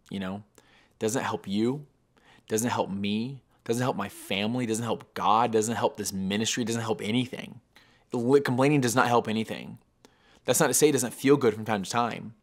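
A man hosts a daily devotional, his voice sitting a touch low. He talks in an earnest, reflective way and grows emotional at times. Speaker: devotional podcast host.

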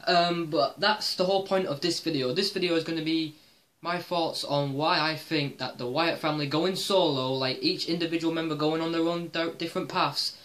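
A wrestling commentary vlogger shares his opinions in a casual monologue, rambling, swearing, and saying "um" a lot. His voice runs on the high side and a bit bright, with fairly even intonation at normal speed.

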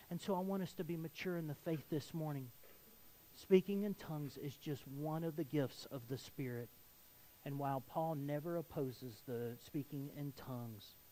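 Pastor guy preaching, kinda high voice, earnest, gets loud and pushy then drops quiet. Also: rough recording. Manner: earnest, rising to emphatic exhortation. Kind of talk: sermon.

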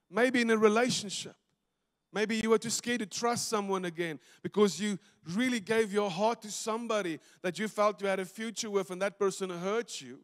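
Man from south africa, preacher, high voice, storytelling sermon, loud then hushed, echoing church hall. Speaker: pastor. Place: church sanctuary.

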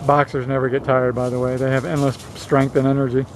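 A man's voice: mid-range voice, little pitch movement, fast talker, noisy background. A man from Virginia filming dogs in a yard with a handheld camera, giving a folksy, joking play-by-play full of exclamations. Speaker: vlogger filming his dog. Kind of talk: casual handheld commentary. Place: outdoors in a yard. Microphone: handheld consumer camera. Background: dogs playing.

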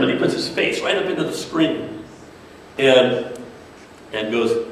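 A man's voice: medium pitch, moderate pace, long pauses, slight background noise. A man giving a casual talk to an audience about designing media for children, acting out the voices of kids and characters as he goes. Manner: animated, acts out kids' and characters' voices. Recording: echoey distant room recording.

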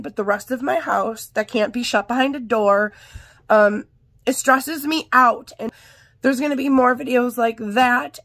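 Female haul vlogger, rambling and talkative, hoarse sick voice, slightly high, dry sound. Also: fairly bright tone, dry recording. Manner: chatty, rambling. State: hoarse from illness. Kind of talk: casual haul vlog. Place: home art room and office.

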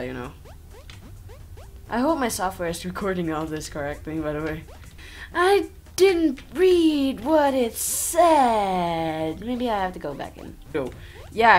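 A woman giving rambling, jokey commentary on a game as she plays, with sarcastic asides, over a desk microphone. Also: medium pitch. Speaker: gameplay commentator. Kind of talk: playthrough commentary. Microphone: own desk microphone.

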